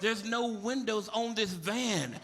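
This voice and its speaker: A man's voice: high-pitched, slow, a bit bright, slight background noise. A man doing a stand-up comedy set on a club stage, brash, profane and full of stories. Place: comedy club stage before a live audience.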